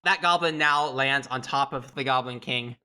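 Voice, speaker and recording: A man narrates a comedic tabletop game as dungeon master with a bright, clear voice. He describes the action playfully and lightly. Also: medium pitch, normal speed.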